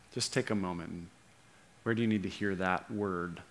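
Earnest low-voiced male pastor preaching. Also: steady tone, slight background noise. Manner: earnest, slows and softens for emphasis. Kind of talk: sermon.

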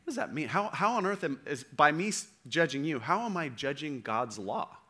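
A man's voice: a little high, sing-song, normal speed, pushed and bright. A man preaching a sermon in a conversational way, often checking in with the audience. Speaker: pastor.

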